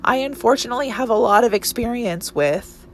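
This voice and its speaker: A woman's voice: on the high side, brisk. Earnest rambling woman in her twenties. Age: 20s. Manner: earnest, rambling with restarts, emotional. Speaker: podcast host. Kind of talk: casual solo podcast monologue.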